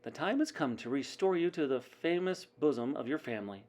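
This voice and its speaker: A composed old grandmother speaks in a low-key, dry tone, every word settled and sure, as a male reader puts her on. She sounds quietly in command. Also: expressive, brisk, close to an everyday voice. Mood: calm.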